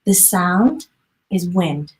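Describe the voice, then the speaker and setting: A woman hosting a conversational interview, telling stories in an animated, expressive way. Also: on the low side, very slow, poor audio. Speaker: podcast host.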